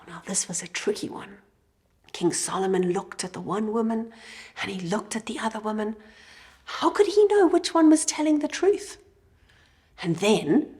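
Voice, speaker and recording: A woman's voice: a little high, lively intonation, moderate pace, darkish tone. A woman teaching children at church, telling a Bible story expressively and dropping to a whisper for emphasis.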